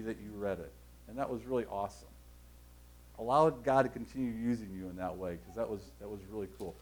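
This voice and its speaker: A man's voice: medium pitch, poor audio. A man preaching a sermon in a conversational, rambling way, often correcting himself mid-sentence. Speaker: pastor.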